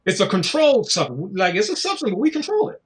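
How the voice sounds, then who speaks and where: Animated high-voiced man preaching about food. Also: fast talker. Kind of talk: casual chat.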